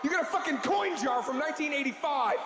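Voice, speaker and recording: A man's voice: very high voice, lively intonation, quick pace, shouting, voice pushed up. A man voicing a furious, stubbled tough guy in a leather jacket who screams profanities at the viewer. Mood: raging. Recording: roomy live club with crowd noise.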